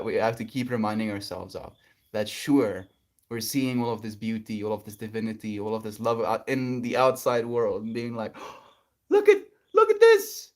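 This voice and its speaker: A man in a middle register hosts a casual spiritual livestream, reading his chat aloud. He rambles gently and affectionately, with soft laughs between thoughts. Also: mid-range voice.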